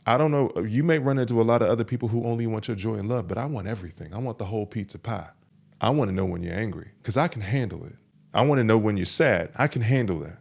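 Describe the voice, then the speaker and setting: A man's voice: fairly low pitch, fast, gravelly, darkish tone. A man hosting a podcast, coaching other men in an emphatic, repetitive monologue. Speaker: men's coach and podcast host.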